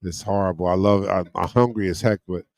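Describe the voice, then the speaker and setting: A man giving casual play-by-play as a fan watch-along host, getting excited on big plays and chatting with viewers and friends. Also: low-pitched, fast, dry recording.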